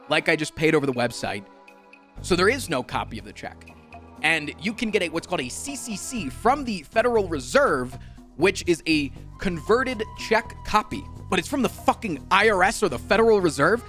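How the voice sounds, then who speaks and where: A man's voice: high voice, very animated, normal speed, fairly bright tone, faint music behind. A man telling a story as a streamer, exasperated and swearing, often mocking the people involved. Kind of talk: animated storytime rant.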